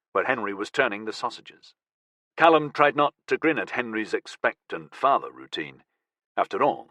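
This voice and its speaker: A man narrating an audiobook in an even, measured reading. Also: medium pitch, dry recording. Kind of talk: scripted narration.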